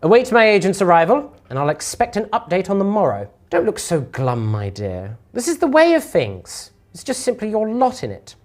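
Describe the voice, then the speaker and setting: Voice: mid-range voice, big pitch swings, moderate pace, few pauses, voice pushed up, lightly acted. A game master voicing a commanding female sorceress who speaks in a muffled, condescending way, as if heard through thick glass. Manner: silky, condescending.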